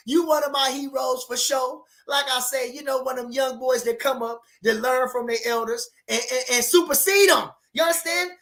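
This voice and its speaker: Male boxing-stream host, loose and animated, slangy, repeats himself, reads viewer comments. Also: very high-pitched. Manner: animated, slangy, repeats phrases, laughs often. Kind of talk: casual livestream chat reading viewer comments.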